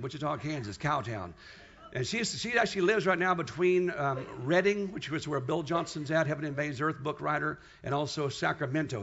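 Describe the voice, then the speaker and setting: A man's voice: fairly high pitch, a bit bright, highs cut off. A man with a South African accent, a pastor introducing a guest speaker in a church service. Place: church sanctuary.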